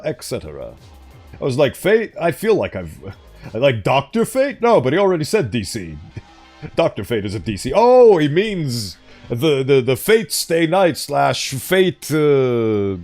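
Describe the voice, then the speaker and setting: Over faint background music, a man reads horror articles casually on stream and breaks off for playful jokes. His voice is mid-range and a little mellow.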